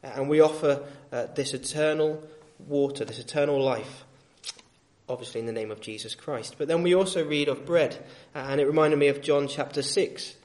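A male street preacher giving a sermon in a gentle, reasoning tone, with frequent fillers and restarts. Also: on the high side, normal speed.

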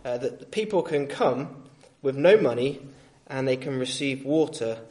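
Giving a street sermon, this male preacher reasons gently with his listeners, often filling pauses and restarting his sentences. His voice sits at medium pitch, with lively intonation and a moderate pace.

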